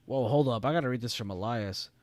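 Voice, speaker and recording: A man's voice: medium pitch, fast talker, darkish tone, dry recording. Rambling young man hosting a live stream. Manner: rambling, reads chat aloud, swears casually. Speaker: live-stream trading host. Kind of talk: casual live-stream chat.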